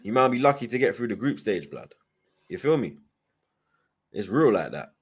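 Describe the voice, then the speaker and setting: A young man hosting a football fan channel chats casually and reads out viewer comments, peppering his talk with slang and "you get me" tags. His voice is on the low side and husky, with a sing-song lilt at a moderate pace.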